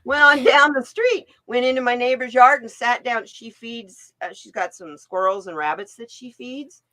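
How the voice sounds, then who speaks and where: A woman's voice: a little high, moderate pace, no room sound, poor audio. An older woman hosting a live stream, chatting casually and acting out voices in her stories. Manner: animated storyteller, acts out voices in her anecdotes. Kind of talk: casual chat.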